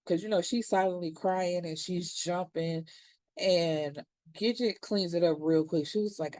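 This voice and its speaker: Chatty slangy woman with a low, mellow voice. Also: a little slow, no echo. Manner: chatty and slangy, acts out characters' lines. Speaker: TV series reviewer. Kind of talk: casual episode recap.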